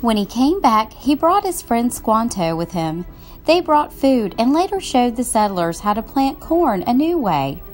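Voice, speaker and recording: A woman reading a children's picture book aloud, telling the story in an expressive, gently paced way. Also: a little high, unhurried, soft background music. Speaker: storybook reader.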